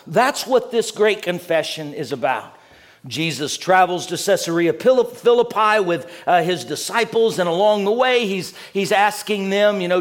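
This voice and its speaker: An earnest man delivers a sermon in a voice a touch higher than most men's. He restates words as he builds toward each point. He lets the ends of phrases fall low and quiet. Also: expressive, moderate pace. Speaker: preacher.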